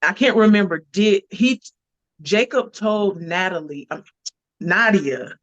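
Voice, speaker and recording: A woman's voice: medium pitch, slow, dry recording. A woman actress guest in a casual interview, talking earnestly and expressively and thinking aloud. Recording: dull, muffled lo-fi audio.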